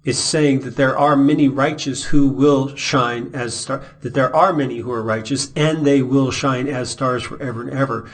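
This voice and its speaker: A man's voice: medium pitch, steady tone, normal speed, hardly any pauses. A man teaching the Bible verse by verse, reading passages aloud and then explaining them with questions to the listener.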